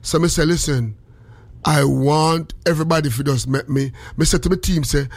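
A man speaking patois in casual chat, rambling and animated with a sing-song lilt. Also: fairly high pitch, fairly quick, breathy edge, dry recording.

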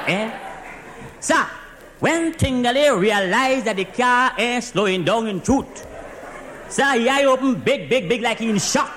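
At a measured pace, a fairly high-voiced man with a Trinidadian accent acts out one side of a comic phone call as a driving instructor reporting to his boss. Speaking in dialect, he piles up disaster after excited disaster and tacks "sir" onto almost every phrase, while a faint noise hum lingers behind him.

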